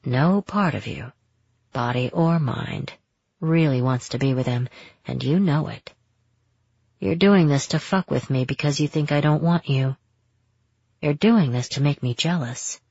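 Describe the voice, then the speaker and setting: A woman voicing a cocky, jealous young man who speaks in a low, taunting, intimate way. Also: unhurried, vocal fry, pauses often, a little mellow, breathy edge, no echo, heavily acted. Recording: dull, muffled audio.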